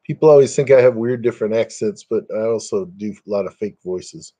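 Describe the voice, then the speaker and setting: Older man rambling warmly on a live stream. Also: lowish voice, fairly quick. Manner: rambling, self-deprecating, chuckles often. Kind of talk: casual live stream chat. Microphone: webcam.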